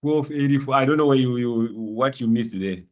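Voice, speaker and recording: A man's voice: mid-range voice, normal speed, a little mellow, highs cut off. A man teaching a live online finance class, encouraging students by name and laughing often. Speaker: lecturer.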